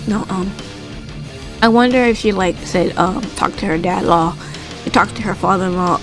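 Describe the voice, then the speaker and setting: Woman vlogger, casual wrestling recap, animated and talkative, faint background music. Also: moderate pace. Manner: animated retelling, acts out quotes in a higher voice; chatty with frequent fillers and asides. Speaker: wrestling commentator recapping a show.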